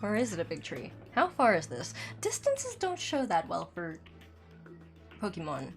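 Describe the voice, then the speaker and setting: A woman's voice: fairly low pitch, wildly swooping pitch, moderate pace. A woman chats loosely over a live gameplay stream, rambling and reacting to chat as she plays. Her throat is dry from being sick, and her dental aligners leave a slight lisp. Faint music sits under her voice. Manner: chatty, rambling, reads chat aloud.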